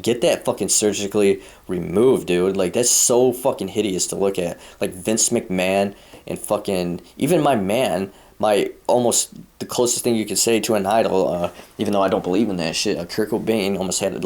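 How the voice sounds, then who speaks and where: A man's voice: deep voice, a little mellow. A young American man ranting in a crude, profane, rambling vlog monologue. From United States. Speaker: vlogger. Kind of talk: casual rant.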